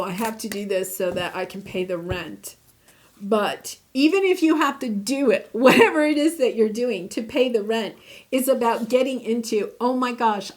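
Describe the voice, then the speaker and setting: A woman giving a casual weekly tarot reading, chatty and enthusiastic. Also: a little high. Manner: warm, enthusiastic, chatty with laughs. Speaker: tarot reader.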